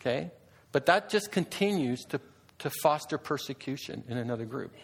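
A man giving a public talk to an audience, animated, full of rhetorical questions and restarts. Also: medium pitch, normal speed, vocal fry, breathy edge. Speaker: speaker addressing an audience.

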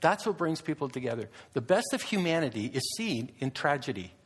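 Male speaker, public talk, high-pitched, very lively intonation, rhetorical questions. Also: fairly quick, slightly rough. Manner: animated, rhetorical questions, frequent restarts. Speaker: speaker addressing an audience.

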